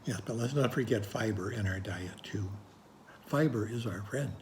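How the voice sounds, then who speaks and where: An easygoing man co-hosting a podcast, with a somewhat low voice. He talks at an unhurried conversational pace, drops in dry jokes and uses frequent uhs. Faint noise runs under the recording. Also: darkish tone. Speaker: podcast co-host. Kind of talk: casual podcast chat.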